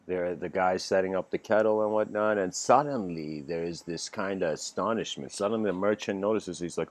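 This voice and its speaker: On a home livestream mic, a man gives a casual spiritual lecture in a low voice at a moderate pace. He tells a rambling story full of fillers and restarts.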